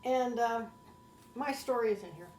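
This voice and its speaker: An older American woman, a guest, telling her own story with heartfelt, animated feeling. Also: a little high, normal speed, slight background noise. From United States. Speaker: interview guest. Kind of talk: personal storytelling. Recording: roomy echo.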